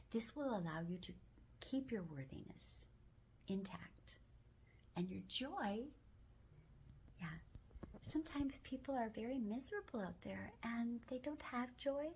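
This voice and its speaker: A woman hosting a self-help video, talking gently and mostly in a whisper, with firmer spoken phrases now and then. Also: a little high, slight background noise.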